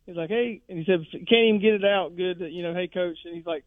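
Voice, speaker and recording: A man's voice: high-pitched, quick pace, few pauses, dry recording. Rambling male caller on a tinny phone line. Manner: rambling storyteller who acts out quotes. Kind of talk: phone-in chat.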